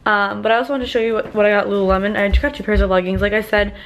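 A woman's voice: medium pitch, level tone, rapid-fire. A woman vlogging in a rambling, chatty way, full of filler "like"s, sounding tired at the end of the day. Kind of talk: casual vlog chat.

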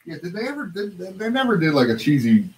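A man's voice: high voice, very animated, fast talker, darkish tone, poor audio. A man hosting a live online auction, presenting items in an easygoing, chatty way and quoting movie lines. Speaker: auction host. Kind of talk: casual live auction chat.

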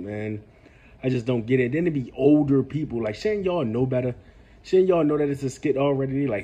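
Laid-back male vlogger, husky and mellow, casual lecturing commentary. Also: mid-range voice, normal speed. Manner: laid-back, lecturing, peppers talk with "man" and "bruh".

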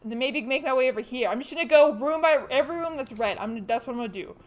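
A woman does let's-play commentary while streaming a horror game, jumpy and excitable, yelling back at the characters whenever something scares her. Her voice is high-pitched and she talks quickly.

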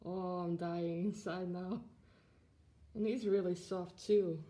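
Speaking in a mellow, fairly low voice, a twenty-something woman opens a collectible on camera. She's a plush collector vlogger whose casual chat is full of gushing, frequent giggles and filler words.

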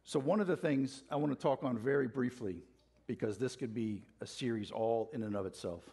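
A man's voice: mid-range voice, fairly quick, dark tone, breathy edge. A man preaching a passionate sermon in a church, getting fired up and calling out questions to the congregation. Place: church sanctuary.

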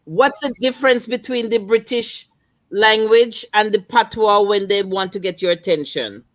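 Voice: mid-range voice, normal speed, fairly bright tone. An interviewer puts short questions to a guest in a casual chat. Between questions, this speaker mostly gives brief listening sounds.

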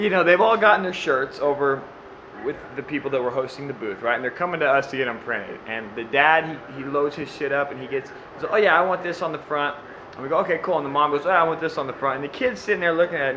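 A man's voice: a little high, pushed and bright, a little hiss or hum, low-quality recording. A man who works as a screen printer, talking casually to the camera in his shop and telling stories by acting out the people in them. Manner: rambling storyteller, acts out quotes.

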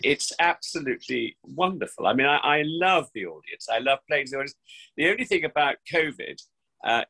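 A man's voice: mid-range voice, sharp tone, poor audio. A man in his sixties, an actor from England's West Country, chatting effusively and theatrically as an interview guest, with frequent restarts. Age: 60s. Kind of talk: remote interview chat. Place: home during lockdown.

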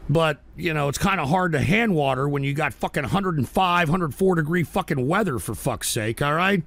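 A man hosting a livestream and reading chat aloud, swearing constantly and shouting back at viewers. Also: a little high, expressive, normal speed, gravelly. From Texas. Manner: profane, combative, shouts at chat. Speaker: livestream host.

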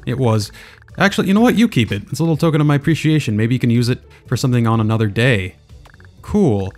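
A man's voice: mid-range voice, lively intonation, quick pace, a little mellow, faint music behind, close to an everyday voice. Man voicing a sly, smug schoolboy. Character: sly, smug kindergarten boy accomplice.

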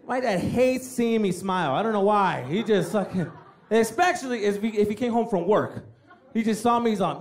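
A man's voice: sits high, fairly quick, a faint crowd. A young man doing a stand-up comedy set, telling stories animatedly with lots of profanity, on a handheld mic before a live audience in a large venue. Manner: animated storytelling, lots of profanity, acts out voices. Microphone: handheld stage mic. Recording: live stage recording with audience laughter.

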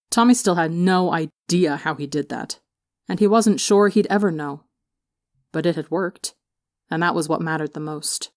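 A woman reading fan fiction aloud as an audiobook narrator, expressive on the emotional beats. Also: low voice, normal speed, no room sound, clean studio sound. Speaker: audiobook reader. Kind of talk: storybook narration.

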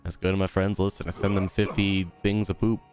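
A young gaming YouTuber commentates his own play, rambling and joking to himself in a goofy, silly way with sudden high squeals. His voice is brisk and flat in delivery, a little mellow, clear and resonant, with faint music behind.

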